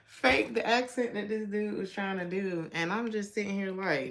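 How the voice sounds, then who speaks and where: A woman's voice: medium pitch, animated, moderate pace, gravelly, few pauses, slight background noise. An American woman from Georgia doing a casual tarot reading, chatty and blunt, laughing often as she talks. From Georgia, USA. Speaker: tarot reader.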